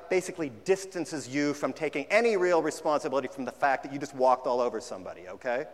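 A man's voice: fairly high pitch, very animated, quick pace, few pauses. A man preaching a sermon in a conversational way, at times mimicking half-hearted apologies. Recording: long hall reverb.

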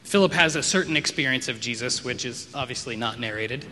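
A man's voice: medium pitch, brisk, bright, forceful tone, a little hiss or hum. A man giving a conversational sermon as a pastor, reflective and loose, with frequent ums and wry asides. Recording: long reverb of a large hall.

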